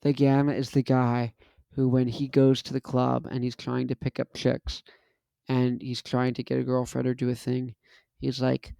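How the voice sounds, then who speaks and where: A man's voice: medium pitch, monotone, moderate pace, gravelly, dark tone, clean tone, no room sound. A man in his twenties, hosting a casual monologue, talking in an emphatic, repetitive, punchy way. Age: 20s. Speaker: host.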